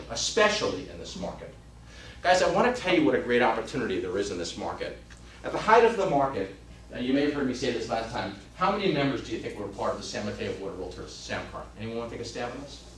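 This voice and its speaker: A man in his fifties giving an emphatic motivational talk as a real estate trainer, swinging between loud urging and hushed storytelling. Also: mid-range voice. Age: 50s. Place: training room. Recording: roomy, distant mic, faint hum.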